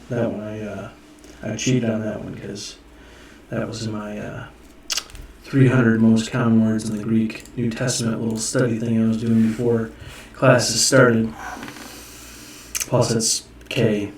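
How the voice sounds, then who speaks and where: A man casually teaching himself and viewers Greek letters, rambling, correcting himself and sounding words out slowly. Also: medium pitch, a little mellow. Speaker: self-taught Greek learner teaching viewers. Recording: echoey room, mic far off, faint noise.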